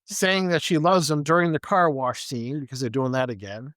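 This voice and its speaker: A man's voice: fairly high pitch, steady tone, moderate pace, fairly bright tone, no room sound, clean studio sound. A man co-hosting a podcast who retells a movie's scenes step by step and quotes the characters as he goes. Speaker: podcast co-host. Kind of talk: casual movie plot recap.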